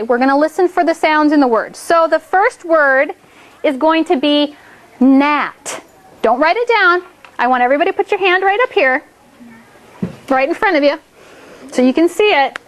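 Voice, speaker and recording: A woman teaching a class of children, upbeat and encouraging, who keeps checking in with the class as she explains. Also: sits high. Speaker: elementary school teacher.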